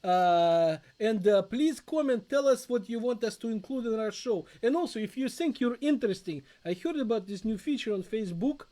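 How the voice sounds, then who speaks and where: Playful russian dad, fairly high voice, chatting live with his son, heavy russian accent. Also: expressive, moderate pace, hardly any pauses, warm tone. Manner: jokey, playful, mixes in Russian words. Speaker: co-host, father. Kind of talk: live casual chat. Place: home basement.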